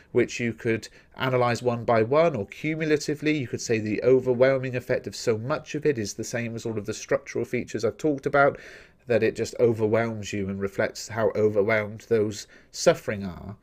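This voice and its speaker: A man teaching a recorded lesson on a poem, explaining each point in a measured, direct way to his viewers. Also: mid-range voice, a little mellow. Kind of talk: recorded poetry analysis lesson.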